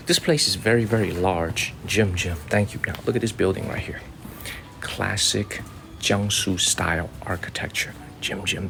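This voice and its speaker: Brief: low-voiced, gravelly American male streamer touring a garden on a phone mic, outdoor noise around him. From United States. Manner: chatty, repeats himself, addresses viewers as y'all. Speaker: livestream host and tour guide. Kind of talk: casual live-stream tour talk. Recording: noisy outdoor ambience.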